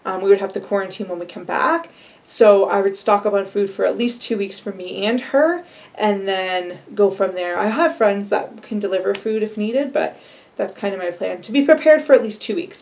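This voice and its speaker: A woman's voice: medium pitch, vocal fry, a little mellow. A young adult woman giving a casual, rambling vlog update, chatty and laughing now and then. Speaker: adoption vlogger.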